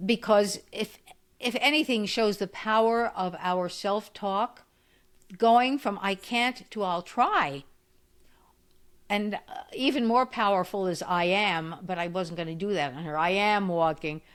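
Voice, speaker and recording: A woman's voice: medium pitch, measured pace, clear, resonant tone. Woman in her eighties telling stories. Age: 80s. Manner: animated storyteller who acts out quoted voices. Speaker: physical therapist guest. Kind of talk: storytelling in a podcast interview.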